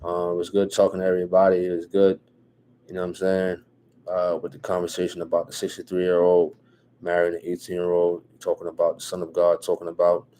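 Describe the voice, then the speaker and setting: Male host, New Jersey accent, deep and dark-toned, relaxed live-stream chatter. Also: brisk, a little hiss or hum. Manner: relaxed, repeats phrases, frequent "you know what I'm saying", chuckles often. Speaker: livestream host reading viewer comments. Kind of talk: casual live-stream chat.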